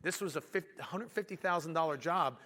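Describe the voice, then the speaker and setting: An animated man tells a business story, acting out the quotes as he goes. His voice sits high for a man, and he speaks like a business owner addressing an audience. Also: brisk.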